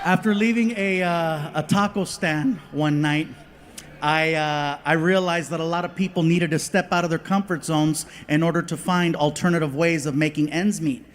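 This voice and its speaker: A man doing a stand-up comedy routine on stage, telling an animated story. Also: on the high side, normal speed, big-room sound. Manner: storytelling, animated, slips into voices. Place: on stage before a live audience. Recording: noisy live comedy club recording.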